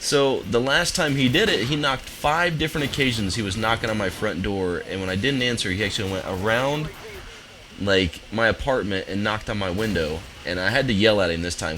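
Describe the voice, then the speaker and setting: Young male gaming commentator, lowish voice, easygoing storyteller, faint background hiss. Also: normal speed, a bit bright, rough recording. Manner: laid-back, rambling, amused. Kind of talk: casual storytelling over gameplay. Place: home office.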